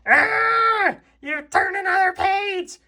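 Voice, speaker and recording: Toad, someone doing a shrill panicky mushroom guy. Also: slow, pushed and bright, full character voice. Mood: panicked. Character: small excitable mushroom guy, jittery, easily scared.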